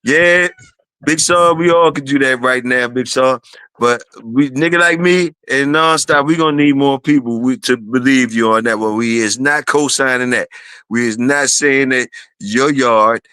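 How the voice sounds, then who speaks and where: A man's voice: medium pitch, measured pace, bright, forceful tone, clean tone, no room sound. A man in a casual streamed talk, teasing others with profane banter and repeating their names for emphasis.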